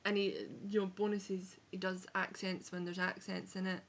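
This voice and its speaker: A woman's voice: medium pitch, flat delivery, moderate pace, highs cut off, a little hiss or hum. A young woman with an Edinburgh Scottish accent, chatting frankly through a casual book review vlog, with swearing and self-corrections. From Scotland. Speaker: book vlogger. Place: home room on a rainy day.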